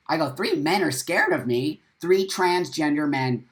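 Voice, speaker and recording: A man hosting a live-stream monologue, swearing often and repeating phrases for emphasis in a defiant, forceful rant. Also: fairly high pitch, a little slow. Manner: profane, emphatic ranting. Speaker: host.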